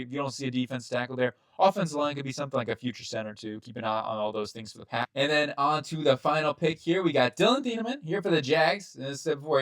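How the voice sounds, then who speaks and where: A young man hosting his channel, chatting through a football mock draft in a rambling, casual way, full of asides and quick self-corrections. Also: mid-range voice, a bit bright, dry recording. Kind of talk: casual sports commentary.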